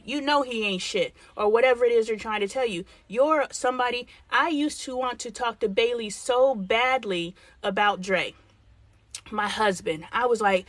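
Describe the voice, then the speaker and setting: A woman's voice: fairly high pitch, no echo. Middle-aged woman host, frank and blunt, dry close sound, acts out quoted lines. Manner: blunt, frank, with mild swearing; acts out lines of dialogue she is quoting. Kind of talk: live-stream advice talk.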